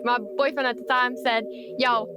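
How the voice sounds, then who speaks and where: A woman's voice: a little high, fairly even intonation, moderate pace, noisy background. Teasing giggly woman caller.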